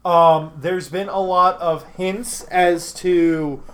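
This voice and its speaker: A man's voice: high-pitched, fairly even intonation, slow, fairly bright tone. A young man, a tabletop game master, answering interview questions in a casual chat, rambling with fillers and restarts.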